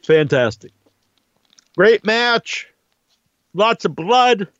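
Brief: profane man ranting casually, animated and high-pitched, dead dry sound. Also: very slow, dry recording, highs cut off. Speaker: wrestling commentator. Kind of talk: casual monologue.

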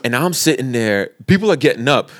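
A young man co-hosting a podcast tells a story in casual chat, animated and profane, acting out the people involved. His voice is mid-range and brisk.

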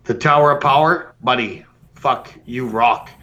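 A man's voice: medium pitch, unhurried, bright, forceful tone. A man hosting a podcast, delivering a brash, profane comedic roast rant. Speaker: podcast host.

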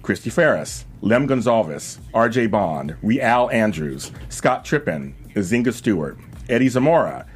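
A man in his fifties hosting a talk show, excitable and quick, often laughing. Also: lowish voice, slight background noise. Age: 50s. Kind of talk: upbeat show host intro and guest roll call.

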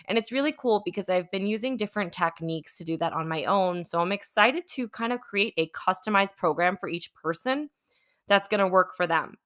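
Woman podcast host, lowish voice, bright tone, rambling casual storytelling, lots of fillers. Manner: rambling, chatty, many "like" and "you know" fillers. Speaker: podcast host and manifesting coach.

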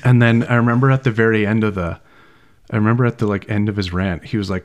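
A man's voice: on the low side, fairly even intonation, fast. A man co-hosting a podcast, telling a school anecdote in casual chat and laughing often. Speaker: podcast co-host.

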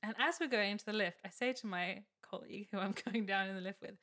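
A woman's voice: mid-range voice, fast. Young woman telling a wild story on a podcast, laughing a lot, doing everyone's voices. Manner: animated, laughing storyteller who acts out quotes. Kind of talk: casual storytelling chat.

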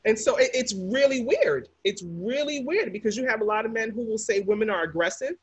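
A woman with a slightly husky, breathy edge talks through relationship patterns on a podcast. She leans into each point and repeats it for emphasis. The sound is close and dry, with no room around her. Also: on the high side, lively intonation, brisk, dry recording. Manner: emphatic, repeats key phrases for effect. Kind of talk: podcast conversation.

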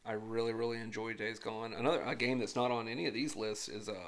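A man's voice: on the low side, steady tone, fast talker, a bit bright. Blunt, opinionated man in casual chat. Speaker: podcast co-host. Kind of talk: casual chat among friends.

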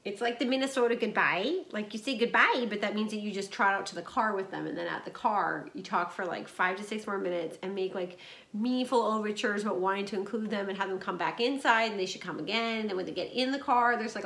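A woman in her thirties co-hosting a podcast from a cabin, chatty and animated, recorded through wireless earbuds. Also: medium pitch, gravelly. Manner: chatty, animated, quick to laugh. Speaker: podcast co-host. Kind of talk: casual podcast chat. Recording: roomy echo.

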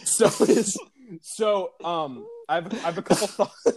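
A man's voice: high voice, slow pace, a little mellow, slightly rough. A young man co-hosting a podcast, easygoing, laughing along and reasoning things out aloud. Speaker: podcast co-host. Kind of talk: casual podcast chat.

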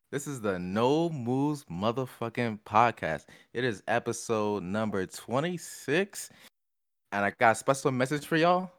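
A young man hosting a podcast in casual, profane, hyped-up banter. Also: medium pitch. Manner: loud, profane, hype. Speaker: podcast host.

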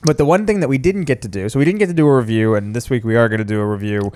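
A man's voice: medium pitch, rapid-fire, darkish tone, dry recording, studio quality. A man co-hosting a podcast, chatting casually and joking with fillers and asides. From Italian heritage. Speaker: podcast co-host.

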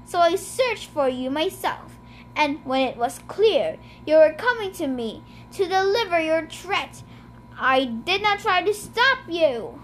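Indignant god of the dead read by a woman; slow, high-voiced storybook delivery. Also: very animated, fairly bright tone, a little hiss or hum, full character voice. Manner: indignant, bellowing, grumbling. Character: male god of the dead, angry, complaining.

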